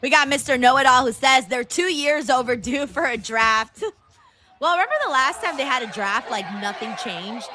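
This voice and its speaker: Chatty high bright woman streamer. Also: moderate pace, soft background music. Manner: chatty, laughs often, swears casually. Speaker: live stream host. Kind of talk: casual watchalong chat reading viewer comments.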